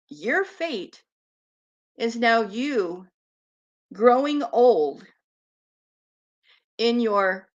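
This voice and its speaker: A woman's voice: mid-range voice, lo-fi sound. A woman giving scornful, sarcastic commentary on video clips, swearing freely. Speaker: commentary vlogger. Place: lives on an island.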